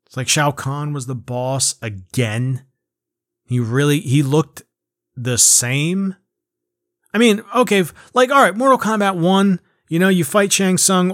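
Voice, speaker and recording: A man's voice: on the high side, dry recording, studio quality. Rambling, profane man ranting about games. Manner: rambling, profane, frequent fillers and restarts. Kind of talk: casual rant.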